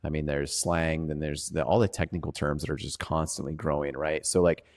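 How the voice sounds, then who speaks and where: Guy hosting a podcast, deep gravelly voice, rambly, keeps saying right?. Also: steady tone, fairly quick. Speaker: podcast co-host. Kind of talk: casual interview chat.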